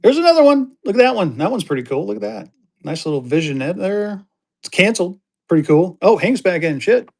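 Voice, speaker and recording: Man from Colorado, high voice, selling live on stream with quick, excited auction patter. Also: vocal fry. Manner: upbeat, rapid-fire adding items, gets excited.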